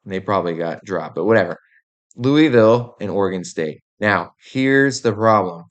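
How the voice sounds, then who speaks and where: A young sports-show podcast host rants in a casual, exasperated, opinionated way, packed with fillers. His voice is on the low side with lively intonation at a moderate pace, and the sound is lo-fi.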